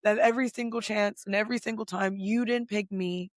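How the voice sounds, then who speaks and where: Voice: medium pitch, fairly even intonation, brisk, no room sound, clean studio sound. A podcast host doing a casual pop culture recap, ranting bluntly and profanely, with lots of "like" fillers. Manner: filler-heavy with many "like"s.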